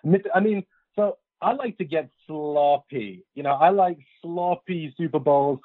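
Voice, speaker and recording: A man's voice: a little high, unhurried, dry recording. Posh West London man over a phone line. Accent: West London received pronunciation. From England. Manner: playful, self-mocking rambling. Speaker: guest. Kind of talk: casual podcast chat.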